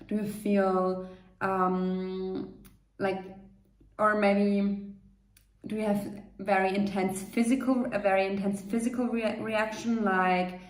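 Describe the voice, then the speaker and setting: A woman coach talks the listener through a calm meditation, gentle and reassuring, with a loose, off-the-cuff flow. Her medium voice sits in a roomy, echoing space. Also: mid-range voice, slow pace. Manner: gentle, reassuring, unscripted with fillers. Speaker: manifestation coach. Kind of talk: guided meditation talk. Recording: roomy echo.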